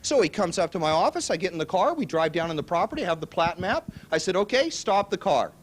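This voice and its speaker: Male seminar speaker; excitable storyteller, high, swooping pitch. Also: fast. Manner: animated, excitable, laughs at his own story. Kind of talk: storytelling to a live audience.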